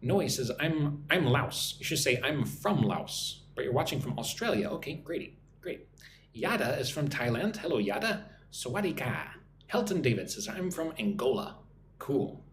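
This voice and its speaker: In his forties and from the United States, this man teaches English on a live stream, reading out viewer comments and answering them in a relaxed, chatty way. He speaks at a moderate pace with a medium pitch and big swings, against slight background noise.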